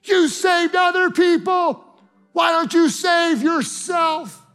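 A man voicing a crowd of male mockers, shouting high taunts during a sermon. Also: slow, in a large hall, faint music behind, heavily acted. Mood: jeering.

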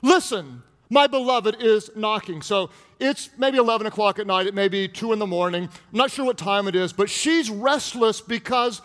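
A man's voice: sits high, normal speed, few pauses, fairly bright tone. A man preaching a humorous sermon as pastor, playful and teasing with the congregation. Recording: long reverb of a large hall.

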